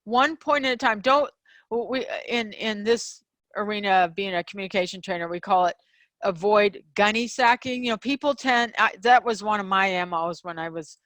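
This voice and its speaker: Animated woman coaching on relationships. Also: medium pitch, no room sound. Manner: animated, acts out quoted examples in a raised voice; frequent fillers and restarts, laughs between points. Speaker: podcast host and relationship coach. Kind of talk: casual teaching monologue.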